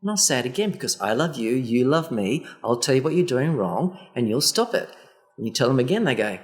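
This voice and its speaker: A man's voice: medium pitch, a little fast. A man, a therapist guest on a casual podcast, animatedly acting out the voices in quoted exchanges. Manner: animated, acts out quoted dialogue.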